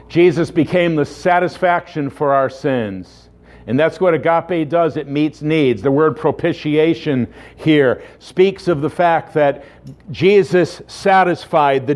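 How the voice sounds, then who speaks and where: A man's voice: fairly high pitch, a little mellow. A man preaching a sermon, earnest and emphatic, asking rhetorical questions of his congregation. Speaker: pastor.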